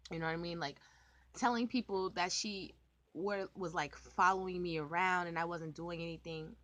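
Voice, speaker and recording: Young woman, lower voice, rambling storytime. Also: normal speed, dry recording. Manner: rambling, animated, full of "like" and swearing. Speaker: vlogger. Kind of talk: casual storytime monologue.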